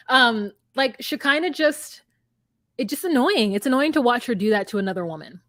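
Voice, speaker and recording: A woman with a slightly high voice tells a story in an animated way and jumps into quick voices for each person she quotes. The sound is dry and close, with no room around it. It is an easy, chatty podcast recap. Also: no echo. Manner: animated storyteller acting out both sides of scenes in quick voices. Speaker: podcast co-host recapping a reality show. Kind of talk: casual chat.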